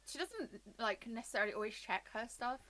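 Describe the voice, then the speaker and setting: A woman's voice: a little high, lively intonation, brisk, a bit bright. A woman playing in a tabletop game, chatting casually and thinking aloud with some hesitation. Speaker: player.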